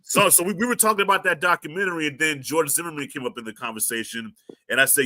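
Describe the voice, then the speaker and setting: Animated, bright-voiced middle-aged man. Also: fairly high pitch, quick pace, no room sound. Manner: animated storyteller, profane, loud outbursts. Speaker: podcast co-host. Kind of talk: casual chat.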